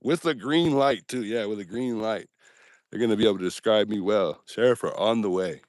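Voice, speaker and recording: Low-voiced man joking with his livestream chat. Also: brisk, darkish tone, dry recording, clean studio sound. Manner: joking, self-mocking, talks straight to his chat. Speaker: livestream host. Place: outdoors at night by a road.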